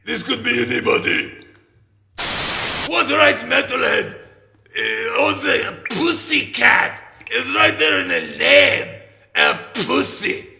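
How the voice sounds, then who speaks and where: A man plays a masked ghoul metalhead with a shrill, gravelly voice that leaps all over its range. He rants and barks orders, crude and mock-menacing, taking his time over the words. The sound is roomy, with faint noise behind. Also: sing-song, slow, full character voice. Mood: ranting. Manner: shouting, profane, mock-menacing. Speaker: host of a call-in question segment.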